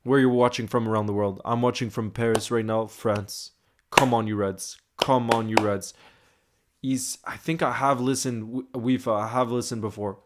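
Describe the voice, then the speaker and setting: A man's voice: medium pitch, steady tone, normal speed, noisy background. Young man chatting on a livestream. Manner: chatty, greets viewers by name. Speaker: livestream host. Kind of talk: casual live-stream chat reading comments.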